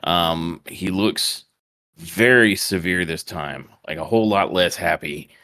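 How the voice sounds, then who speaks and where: A man's voice: deep voice, slow pace, pushed and bright, dry recording. A man co-hosting a wrestling podcast, retelling the show in a laid-back, wry way. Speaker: podcast co-host. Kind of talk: casual podcast recap.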